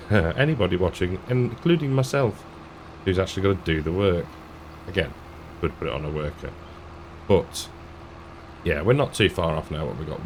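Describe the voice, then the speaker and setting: A man's voice: sits low, slight background noise. A man giving casual, rambling commentary while playing a farming game, often chuckling to himself. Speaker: gaming YouTuber.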